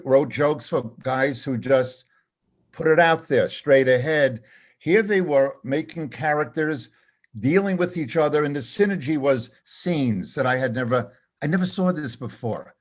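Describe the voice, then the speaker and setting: Animated older male comedy storyteller. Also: a little high. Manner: animated, self-deprecating storyteller who acts out dialogue. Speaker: comedy writer. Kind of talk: storytelling anecdote.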